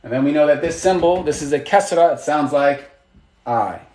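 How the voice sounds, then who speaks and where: A man teaches a live online lesson in a patient, encouraging way, asking questions and praising each answer. His voice sits a little high for a man. The room around him has a noticeable echo. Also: normal speed, a little mellow. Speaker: Arabic teacher.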